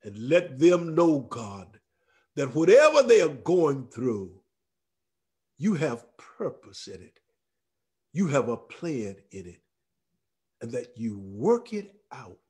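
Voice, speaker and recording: Husky, fervent preacher man, slow and soaring. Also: medium pitch, sing-song. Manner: fervent, rising to near shouts and dropping to a hush. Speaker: pastor. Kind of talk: preaching a Bible study sermon. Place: church or ministry room.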